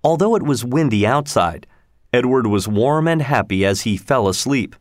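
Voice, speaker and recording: A man narrating a storybook aloud in a measured, expressive way. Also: mid-range voice, no echo, clean studio sound.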